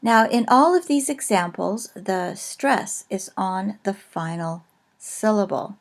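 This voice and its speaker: A woman teaching a recorded lesson, explaining slowly and carefully with frequent pauses. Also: mid-range voice, a little mellow. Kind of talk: recorded lecture on a language.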